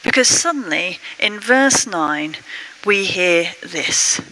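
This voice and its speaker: Woman, curate, sermon, expressive delivery, bright voice. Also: takes it slowly, poor audio. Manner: expressive, acts out the quotes with rising pitch.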